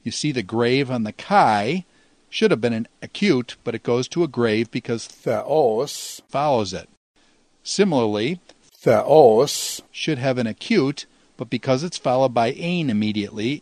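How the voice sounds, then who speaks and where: A man teaching a Greek grammar lesson in a measured, explanatory way, slowing down to pronounce each Greek word. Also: mid-range voice, animated, no echo.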